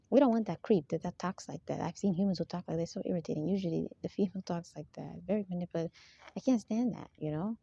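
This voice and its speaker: Gravelly, dark-voiced woman rambling on. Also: on the low side, quick pace, no room sound. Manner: rambling, repeatedly seeks agreement; laughs between points. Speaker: spiritual vlogger. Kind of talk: rambling monologue. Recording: dull lo-fi dry sound.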